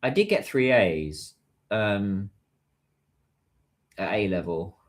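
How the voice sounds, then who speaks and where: A man's voice: on the low side, lively intonation, slow. A British man hosting a casual livestream, chatting and answering viewer messages. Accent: British English. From United Kingdom. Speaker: livestream host.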